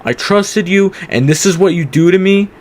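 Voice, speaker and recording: A man voicing an angry, short-tempered male venue owner who scolds loudly. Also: high voice, moderate pace, pitched above the performer's own voice, lightly acted. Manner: shouting, exasperated scolding.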